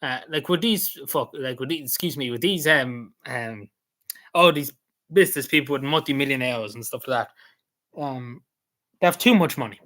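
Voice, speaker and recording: A man talks through his day in a loose, rambling vlog. He circles back on his points and fills the gaps with lots of ums and likes, at an everyday middle pitch. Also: moderate pace, sharp tone. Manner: rambling, repeats himself, many fillers. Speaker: vlogger. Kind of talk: casual recap of an event.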